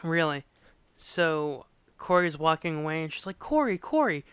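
A podcast co-host chats casually about a sitcom episode, bringing quotes to life and laughing often. His voice is somewhat high and smooth, his pace measured, and there's no echo.

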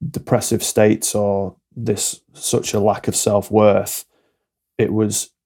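This candid podcast guest, an alcohol-free coach, speaks slowly and flatly in a fairly low, dark voice with a breathy edge. He often explains by acting out small back-and-forth exchanges.

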